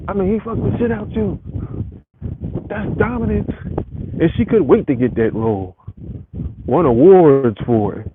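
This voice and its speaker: A man's voice: high voice, expressive, moderate pace, pauses often. A man ranting on a live stream from home, rambling and profane as he talks straight to his viewers. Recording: tinny phone audio with faint hiss.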